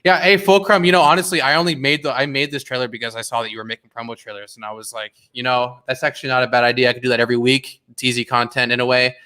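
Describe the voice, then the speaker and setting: A young man chats on his livestream in a bright, forward voice. He rambles with animated energy, stacking fillers and restarting his thoughts as he talks to his viewers. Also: medium pitch, very fast, hardly any pauses, clear, resonant tone. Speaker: streamer hosting a watch party. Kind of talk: casual livestream chat.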